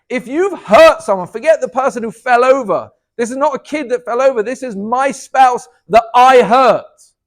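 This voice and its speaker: A rabbi with a notably high-pitched voice gives an inspirational talk. He swings from loud, emphatic lines down to soft, low asides, and his delivery stays dynamic throughout.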